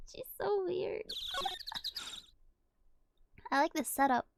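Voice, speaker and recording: A woman's voice: very high-pitched, lively intonation, slow, creaky, heavy background noise. A woman streamer playing a video game, playful and giggly, reading the game's dialogue aloud. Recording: game music playing behind.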